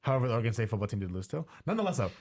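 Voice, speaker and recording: Give me a young man co-hosting a sports chat, an animated storyteller. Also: medium pitch, racing. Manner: lively storyteller with frequent fillers. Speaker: podcast co-host.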